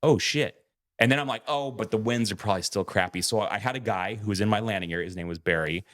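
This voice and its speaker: A man's voice: on the low side, fast talker, a bit bright. A man co-hosting a podcast, telling a story in a casual way, acting out quoted lines and swearing freely. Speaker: podcast co-host.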